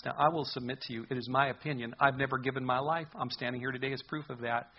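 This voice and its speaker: A man's voice: mid-range voice, steady tone, fast talker, few pauses, slightly rough, highs cut off. A man preaching a sermon as a pastor, earnest and conversational in his delivery.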